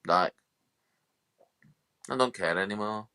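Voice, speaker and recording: A man's voice: on the low side, slow, bright, forceful tone, clear, resonant tone. A man co-hosting a podcast, grumbling dismissively in casual chat. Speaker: podcast co-host.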